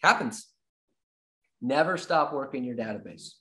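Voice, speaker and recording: A man giving an energetic sales training talk, repeating his key points like a coach and acting out little dialogues with clients. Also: mid-range voice, unhurried. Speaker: real estate sales trainer.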